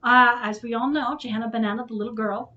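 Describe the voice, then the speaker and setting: Woman vlog host with a higher voice; candid, emotional storyteller who curses when worked up. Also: fairly even intonation, fast, bright, forceful tone, lo-fi sound. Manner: emotional, frank, swears when upset. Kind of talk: candid storytelling to her son.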